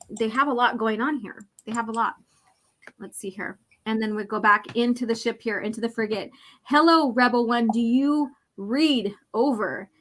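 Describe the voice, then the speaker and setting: A woman's voice: on the high side, a bit bright. A woman hosting a casual chat, reading comic book panels aloud and commenting with lots of fillers. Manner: chatty, many fillers, reads dialogue slowly with emphasis.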